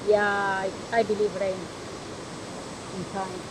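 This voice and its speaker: A woman's voice: medium pitch, flat delivery, slow pace. Enthusiastic woman in a noisy outdoor recording. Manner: enthusiastic, short exclamations. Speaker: travel vlogger. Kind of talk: casual chat. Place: outdoors by a river and waterfall.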